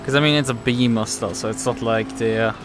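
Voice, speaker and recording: A man streaming a sim race, thinking aloud in a halting, self-correcting way with a German accent. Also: mid-range voice, fairly even intonation, over music. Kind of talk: casual live-stream commentary.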